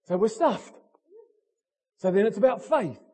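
A man's voice: high-pitched, lively intonation, unhurried, dark tone, husky. A man preaching a passionate sermon, talking bluntly and asking the congregation direct questions. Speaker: pastor.

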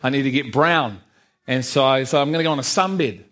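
A man's voice: medium pitch, brisk, a bit bright. Self-mocking man telling testimony. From England. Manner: frank, self-mocking storytelling with laughs. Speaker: testimony speaker. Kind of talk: personal church testimony.

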